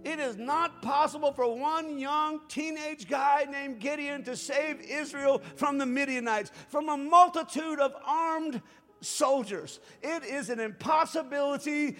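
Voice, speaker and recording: A man preaching a sermon as pastor, swinging between impassioned shouting and quiet asides. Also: very high voice, long reverb tail. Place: church.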